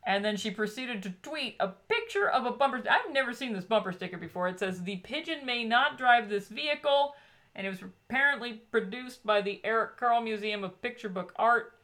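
A woman co-hosting a relaxed podcast, trading jokes and ribbing her partner in easy conversation. Her voice is bright and forward, with a lively, mischievous edge. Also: mid-range voice, brisk, few pauses. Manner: playful and teasing. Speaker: podcast co-host. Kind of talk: casual chat.

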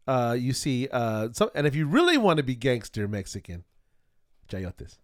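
A man's voice: mid-range voice, big pitch swings, normal speed, dry recording, studio quality. A man from West Los Angeles co-hosting a casual podcast, rambling and searching for words as he tells stories. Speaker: podcast co-host. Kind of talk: casual chat.

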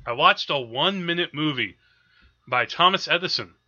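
A male podcast co-host talks casually about films, laughing often and filling pauses with hesitations. His voice is high and strikingly bright, and the dull lo-fi audio muffles it. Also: expressive.

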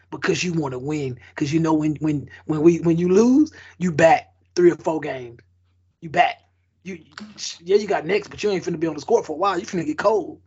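A man's voice: on the high side, creaky, slightly rough, dull audio. A man co-hosting a casual podcast, laying down life advice with slang and basketball analogies. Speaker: podcast co-host.

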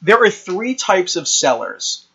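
A man with a slightly high voice co-hosts a casual chat. He tells long, rambling stories and drops crude jokes along the way. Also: sing-song, slow, creaky, fairly bright tone, breathy edge, lo-fi sound. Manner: rambling, crude joking storyteller. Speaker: podcast co-host.

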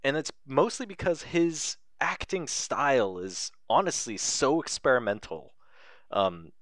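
A man's voice: medium pitch, lively intonation, measured pace, fairly bright tone, no room sound, clean studio sound. A man chatting casually and keenly, swearing now and then. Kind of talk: casual chat.

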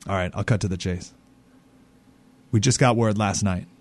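A man hosting a talk radio show, giving animated, indignant commentary and acting out the people he quotes. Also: on the low side, moderate pace.

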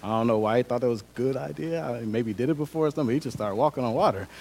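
A man's voice: mid-range voice, rapid-fire, gravelly, a little mellow. A man preaching a sermon as pastor, conversational and humorous, acting out scenes and repeating his key points.

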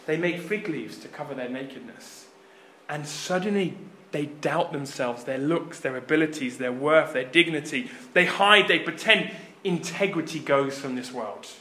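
A man preaching a sermon, retelling scripture as a lively story and acting out the quoted lines with sudden loud rises. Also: a little high, reverberant, slight background noise.

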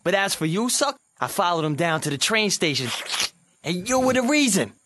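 An actor playing a streetwise man catching up with an old friend, talking in relaxed slang. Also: high-pitched, normal speed, heavily acted.

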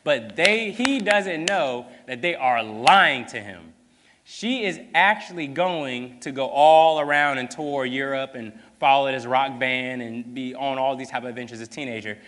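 A man preaching a sermon, telling a story in a casual, animated way full of fillers. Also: medium pitch, a little slow, long reverb tail.

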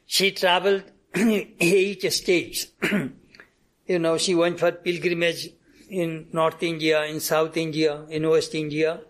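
Man, high voice, devotional storytelling, acts out dialogue, frequent restarts, coughs often. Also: flat delivery, takes it slowly. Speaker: spiritual speaker.

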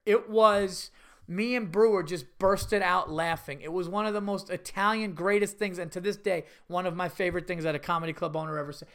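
A man hosting his own podcast, telling profane, animated stories with laughs in a casual, unscripted way. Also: high voice, moderate pace. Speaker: podcast host and stand-up comedian. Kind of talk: casual solo podcast storytelling.

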